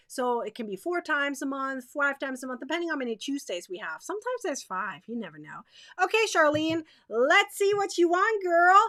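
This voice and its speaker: A woman's voice: high-pitched, pushed and bright, no room sound. A woman hosting a live crochet stream, chatting straight to her viewers in a bubbly way, repeating herself and laughing often.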